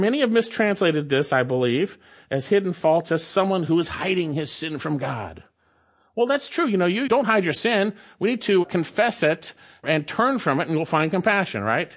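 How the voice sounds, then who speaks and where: A male pastor preaching an expository sermon, emphatic, repeating key phrases with long dramatic pauses and slowing down to stretch out words. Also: high-pitched, a bit bright. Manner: stretches words slowly for emphasis, then speeds up.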